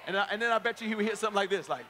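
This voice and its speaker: A man preaching an energetic youth sermon, joking with the crowd and leading call-and-response. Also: high voice, rapid-fire, background noise. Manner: playful, joking, rallying the crowd. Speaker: pastor. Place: large hall at a youth camp. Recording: echoey hall.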